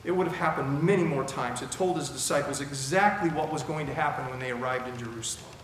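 Talking fast in a mid-range voice, a male preacher works through scripture verse by verse, keeping it conversational and posing rhetorical questions. The large church hall he's in echoes heavily, and there's faint noise in the recording.

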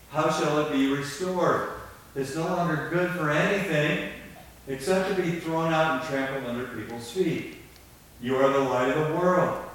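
An older male pastor preaching in a large, very echoey hall, heard from some distance off the mic with a faint hiss underneath. He is emphatic and swings between quiet, low passages and loud, stressed declarations. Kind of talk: sermon.

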